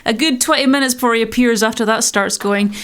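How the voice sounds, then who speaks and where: A woman hosting a photography podcast. She teases her co-hosts and briskly moves the show along. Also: on the high side, a bit bright. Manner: brisk, teasing, steers the show. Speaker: podcast host. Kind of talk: casual podcast chat and sponsor read.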